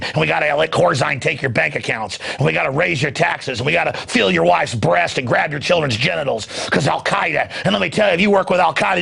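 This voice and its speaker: A male talk show host delivering an angry, rapid, mocking rant with shouted bursts. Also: a little high, vocal fry, breathy edge. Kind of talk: ranting commentary.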